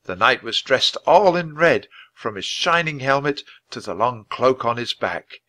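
A man reading a children's storybook aloud at a steady, clear pace for English learners. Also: mid-range voice, measured pace, no room sound. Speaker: storybook reader. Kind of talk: scripted narration for English learners.

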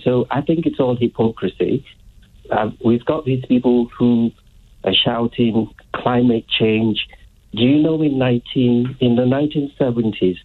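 A man's voice: medium pitch, husky. A man calling a radio phone-in, ranting indignantly about protesters and climate talk. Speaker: caller. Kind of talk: phone-in call. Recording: tinny phone line.

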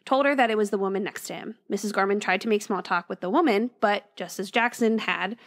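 A woman co-hosting a podcast, casually retelling a ghost story and lifting her voice for the quoted lines. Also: a little fast. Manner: reads story aloud, voices quoted lines with raised pitch. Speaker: podcast co-host.

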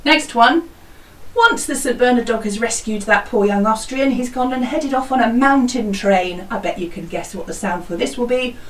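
A woman teaching children a song, speaking slowly and clearly, singing lines and modelling the sound effects for them. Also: fairly high pitch, a bit bright, echoey room, recorded from a distance, poor audio. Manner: slow, clear and encouraging, sings parts and animal sounds. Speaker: music teacher leading a school singalong.

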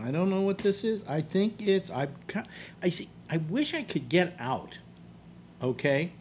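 Rambling older New man, lively pitch. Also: normal speed, slight background noise. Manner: rambling, blunt, grumbling with restarts. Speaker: radio talk show host. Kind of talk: rambling casual talk. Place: apartment.

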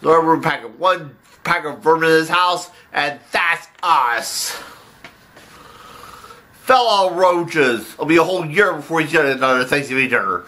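A man's voice: on the high side, bright, forceful tone. A man voicing a scheming, cocky cockroach gang boss in a puppet comedy skit, rallying his crew in a bossy, speechmaking way.

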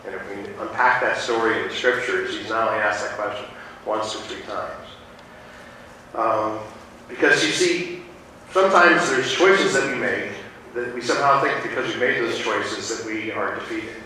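A man's voice: fairly low pitch, moderate pace, pushed and bright, a little hiss or hum. A male pastor preaching a sermon and telling stories in a rambling way, with many fillers and restarts. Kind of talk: sermon with storytelling. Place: church sanctuary. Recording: distant mic in an echoey church.

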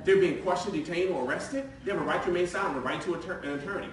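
Quick high-voiced guy in his 40s presenting live, jokey and chatty, super echoey room from far off. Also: a little hiss or hum. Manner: lively, joking, conversational storyteller. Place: meeting room with audience.

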